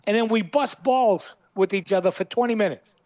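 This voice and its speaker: A middle-aged man tells animated, salty stories as a guest on a studio podcast. His voice sits high for a man, and the room around it is close and dry with no echo. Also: normal speed. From Boston. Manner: animated anecdotes, acts out quoted voices, swears freely. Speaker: guest comedian. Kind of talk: casual chat with storytelling. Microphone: studio podcast mic.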